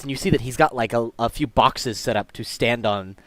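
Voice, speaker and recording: A man's voice: fairly low pitch, moderate pace, a bit bright. A man narrating a tabletop game as game master, in a loose, chatty way with fillers.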